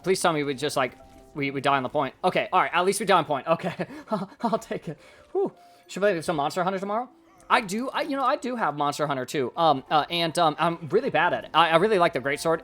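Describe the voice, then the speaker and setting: Over faint background music, a man with a somewhat high voice reviews recorded gameplay to coach a player. It is casual live-stream coaching commentary, and he is excitable and rambling, thinking aloud as he goes.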